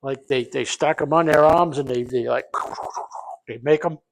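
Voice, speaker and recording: Creaky and medium-pitched at a normal speed, this middle-aged Rhode Islander cooks in his own kitchen for a casual vlog. He's a home cook who rambles, cracks jokes and curses freely.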